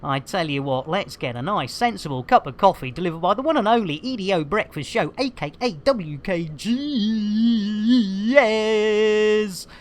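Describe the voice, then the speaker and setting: A woman's voice: mid-range voice, expressive, unhurried. A woman streaming a game, bantering with her chat in a jokey, bubbly way, full of silly rhyming catchphrases and cheeky innuendo.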